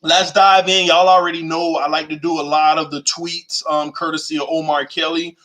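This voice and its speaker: A young man hosting a live fan stream, talking in slangy, excitable bursts to his viewers. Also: a little high, normal speed. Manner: excitable, shouts and sings out, slangy. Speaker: fan channel host.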